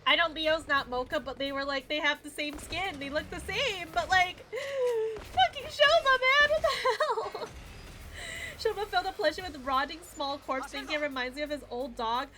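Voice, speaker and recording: Talking to her chat during a visual novel stream, a young woman rants emotionally, swearing and nearly crying. She speaks a little fast in a high-pitched, fairly even voice with hardly any pauses. The game's audio and faint music are audible in the background.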